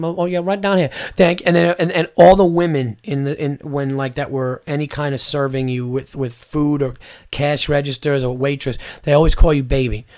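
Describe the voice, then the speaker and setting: A man hosting his own podcast, ranting in a loose comedic monologue with speech, lots of swearing and acted-out quotes. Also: on the high side. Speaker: podcast host.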